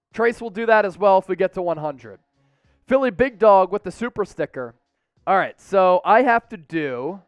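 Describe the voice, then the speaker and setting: Young guy hosting a live sports stream, pretty high voice, reads chat out, bit of music faintly behind. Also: smooth. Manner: energetic, reads chat aloud. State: exerting, counting push-ups.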